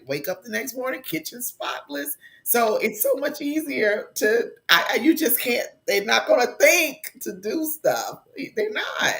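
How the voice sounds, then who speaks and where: A woman in her forties, a podcast co-host, chatting casually and acting out quoted lines loudly. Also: a little high, normal speed, vocal fry, few pauses. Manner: animated, acts out quotes loudly. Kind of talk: casual chat.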